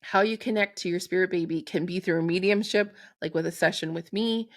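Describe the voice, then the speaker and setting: A woman hosting a solo spiritual podcast, speaking in a gentle, affirming way and slowing down to recite intentions. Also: lowish voice. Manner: slow and deliberate when reciting an intention. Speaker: podcast host and Reiki practitioner.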